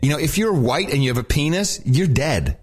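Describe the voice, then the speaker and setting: A male podcast co-host who chats jokily about politics, animated and quick to laugh. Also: fairly high pitch, slightly rough. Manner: animated, laughs often, jokey. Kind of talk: casual political chat.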